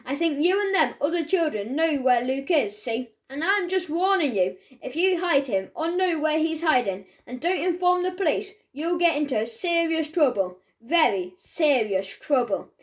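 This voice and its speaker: A blustering, pompous village policeman, middle-aged and suspicious, barking orders with bossy, clumsy grammar, as a woman reading a storybook puts him on. The voice sits fairly high. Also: animated, normal speed, hardly any pauses. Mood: stern.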